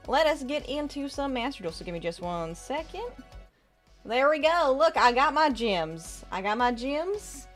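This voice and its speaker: A woman's voice: high voice, sing-song, a little slow, a bit bright, soft background music. A woman game streamer chatting in a chatty, upbeat way and reading chat aloud on a live stream.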